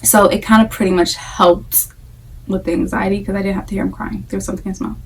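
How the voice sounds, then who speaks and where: A woman's voice: mid-range voice, level tone, quick pace, vocal fry, husky, distant mic, rough recording. A young adult woman talking casually to camera about her experience as a mother, candid and chatty, often repeating phrases for emphasis. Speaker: vlogger, breastfeeding mom.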